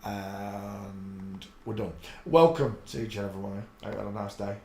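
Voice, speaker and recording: A man's voice: lowish voice, fairly even intonation, a little fast, warm tone. English man chatting on a home livestream. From England. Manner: chatty, talks to his pets and viewers while clicking through posts. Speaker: livestream host. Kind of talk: casual live-stream chat. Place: cold room at home. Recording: echoey room with faint background noise.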